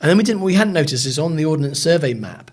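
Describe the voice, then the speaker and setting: Male podcast co-host, quick chatty storyteller, casual banter. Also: on the high side, lively intonation. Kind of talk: casual chat.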